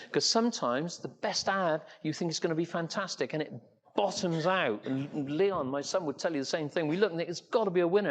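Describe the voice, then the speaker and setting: An older man from England telling a long story to an audience as an entrepreneur speaker, rambling, with many fillers and restarts. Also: fairly high pitch. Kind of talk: anecdotal talk to an audience.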